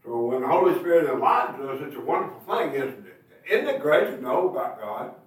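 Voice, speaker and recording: A male preacher with a high, animated voice delivers a sermon, tossing rhetorical questions to his listeners and hammering home his points. He sounds set back from the mic, and the church room echoes heavily around him. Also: brisk, distant mic. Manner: rhetorical tag questions, emphatic bursts.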